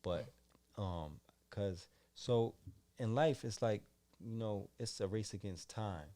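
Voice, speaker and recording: A man from Boston with a lowish voice, talking casually as a podcast host. He rambles through his thoughts and keeps adding "you know what I'm saying". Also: takes it slowly, mellow. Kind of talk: casual interview chat.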